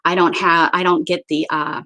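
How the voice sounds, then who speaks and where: A woman's voice: on the low side, level tone, moderate pace, bright, forceful tone. A woman hosting a casual livestream, telling a rambling story and greeting viewers by name as they arrive. She often trips over her words and restarts. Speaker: livestream host. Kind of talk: casual chat.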